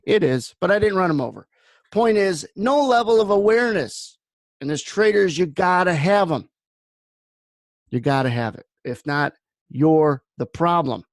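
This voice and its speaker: A man's voice: fairly high pitch, no echo. A man hosting a trading room, giving blunt market commentary that wanders into personal stories. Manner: blunt, rambling storyteller.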